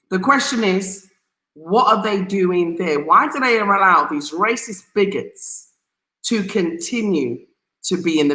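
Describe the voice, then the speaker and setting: A woman's voice: medium pitch, sharp tone, echoey room, poor audio. Passionate sarcastic woman host. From England. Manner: passionate, sarcastic and emphatic, repeating key words. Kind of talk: opinion commentary reading news aloud.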